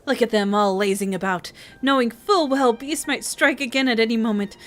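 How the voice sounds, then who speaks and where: A woman's voice: fairly high pitch, normal speed, pitched above the performer's own voice, natural voice. A woman voicing an anxious, indignant young villager in a fantasy game, speaking in an agitated, fretful way.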